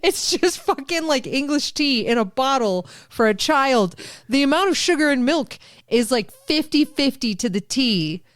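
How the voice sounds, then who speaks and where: A woman jokes and teases her way through casual podcast chat. Her voice sits high and swings widely in pitch. The sound is dry and close. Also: a little slow, no echo. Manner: joking, teasing, expressive. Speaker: podcast co-host.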